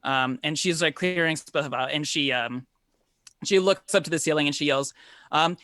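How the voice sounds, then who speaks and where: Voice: medium pitch, moderate pace, pushed and bright, no echo, studio quality. A game master narrating a tabletop game scene over a video call, with frequent ums and repeated words. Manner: descriptive, with many ums and repeats.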